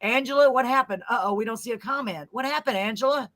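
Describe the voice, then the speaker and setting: An older woman hosting a casual live podcast chat, talkative and quick to laugh. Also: fairly high pitch. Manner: chatty, laughing, animated. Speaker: podcast host.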